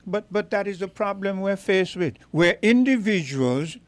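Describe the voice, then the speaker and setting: A man hosting a radio talk show, measured and questioning, sometimes hesitant at the start. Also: high voice, lively intonation, dry recording.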